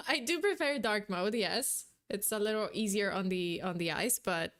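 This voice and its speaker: A young woman streaming a reaction video, reading and thinking aloud in a giggly, excitable way. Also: mid-range voice, a little slow. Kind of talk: casual reaction commentary.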